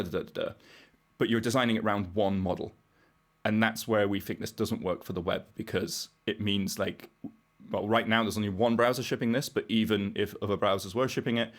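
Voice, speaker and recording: A British man, a guest on a podcast, explaining technical ideas in a casual, wry way and thinking aloud as he goes. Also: lowish voice. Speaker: podcast guest, browser engineer.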